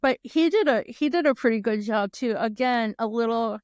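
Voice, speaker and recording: A woman's voice: a little mellow, no echo, studio quality. A woman co-hosting a casual podcast, chatty and laughing often as she recounts things. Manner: chatty, laughs often, quick shifts in pitch when quoting. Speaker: podcast co-host. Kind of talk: casual chat.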